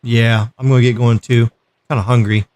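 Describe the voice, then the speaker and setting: A man's voice: medium pitch, little pitch movement, normal speed, a little mellow. A man hosting a tech livestream in casual chat, joking and reading out viewer messages.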